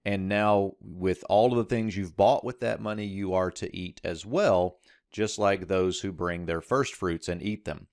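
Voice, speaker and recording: Low male teacher, explanatory walk-through of a verse, dry close mic. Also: unhurried, darkish tone, no room sound. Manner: explanatory, walking through text on screen. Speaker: Hebrew teacher. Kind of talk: verse-by-verse language lesson.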